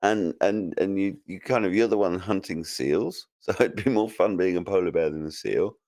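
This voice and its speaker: Deep-voiced, musing male podcast guest. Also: normal speed, darkish tone, no echo, studio quality. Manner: musing, stammering restarts, laughs easily. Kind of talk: casual podcast chat.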